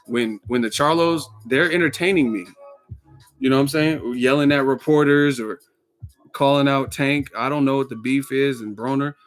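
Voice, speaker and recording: A man's voice: mid-range voice, normal speed. Man, host, casual profane commentary, joking, mimics quotes, faint background music. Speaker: boxing commentary channel host. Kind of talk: casual opinion rant.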